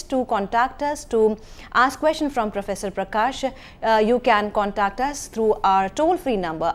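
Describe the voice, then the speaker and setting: A woman hosting a live lecture show, speaking formally, introducing the guest and often addressing viewers as dear friends. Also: a little high. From India. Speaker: host.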